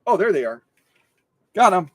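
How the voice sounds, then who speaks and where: Man, lively up-and-down talk, dry close sound, workshop sewing demo, repeats himself. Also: sits high, normal speed, no room sound. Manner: animated, repeats phrases, mock rants. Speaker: sewing machine restorer. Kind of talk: casual workshop commentary.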